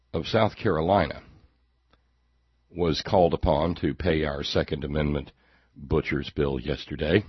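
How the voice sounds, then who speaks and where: A man's voice: rumbling low, husky, no echo, dull audio. A man hosting a talk show, giving a sarcastic, rambling political monologue and repeating words as he goes.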